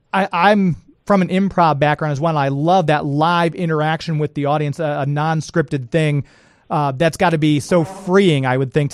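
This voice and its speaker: Man, Scottish accent, radio host, enthusiastic, higher voice, dry close sound. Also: smooth, no echo. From Scotland. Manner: enthusiastic, rambling questions. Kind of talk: interviewer.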